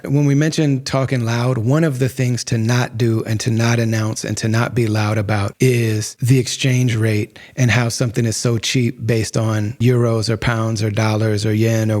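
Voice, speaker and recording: A man's voice: medium pitch, a little mellow. A man hosting a podcast, giving direct, blunt advice in a conversational monologue, speaking close to the microphone. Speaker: podcast host.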